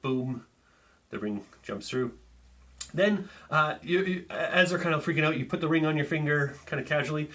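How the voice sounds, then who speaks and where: A man's voice: medium pitch, a bit bright. Casual man explaining a magic trick. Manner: casual, chatty, filler-heavy, demonstrating with hands. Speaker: magic teacher.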